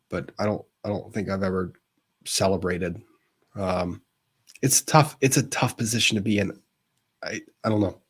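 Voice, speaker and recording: Husky-voiced male legal livestream host. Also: on the low side. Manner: conversational, reads out comments and responds frankly. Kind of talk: live-stream commentary reading viewer chat.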